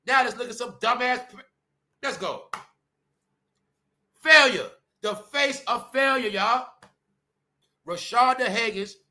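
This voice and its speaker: A man, ranting bluntly on his commentary channel, jumping from loud outbursts to low mutters. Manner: loud, blunt and swinging between shouting and muttering.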